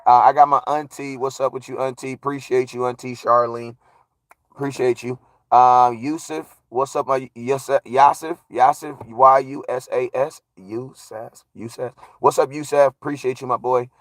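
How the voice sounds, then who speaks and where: A man hosting a casual live stream, giving viewer shout-outs in a slangy, hyped way that swings from low mutters to loud shouts. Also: steady tone, moderate pace, no echo. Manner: slangy, repeats catchphrases. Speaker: livestream host.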